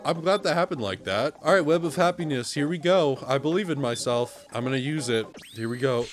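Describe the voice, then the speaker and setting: A man with a slightly raised voice plays through a story game and talks to his audience as he goes. He is expressive and reactive and laughs easily, with music playing softly behind him. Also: on the high side, brisk, few pauses. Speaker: gaming channel host. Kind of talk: let's play commentary, reading game dialogue aloud. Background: faint music.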